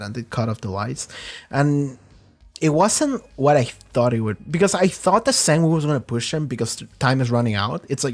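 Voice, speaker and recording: A man chatting through a show review in a loose, rambling flow. He swears freely and gets worked up, with a mid-range voice that is neither high nor low. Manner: rambling, profane, excitable. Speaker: reaction video host. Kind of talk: casual reaction and review chat.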